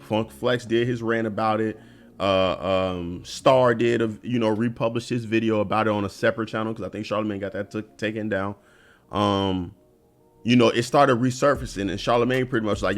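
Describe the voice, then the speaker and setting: A man hosting a solo commentary video, talking earnestly and conversationally, often restarting his sentences and filling pauses with um and uh. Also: medium pitch. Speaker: commentary channel host.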